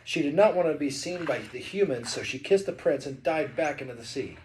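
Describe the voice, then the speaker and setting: A man's voice: a little high, lively intonation, a little fast, darkish tone, a little hiss or hum. A man reading a picture book aloud to his child, playful and chatty between passages. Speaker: father reading a bedtime story.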